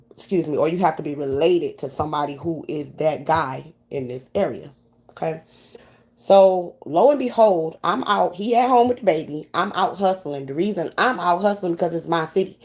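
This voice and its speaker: A low-voiced New York woman with a New York accent tells her audience a profane story in a casual, animated way.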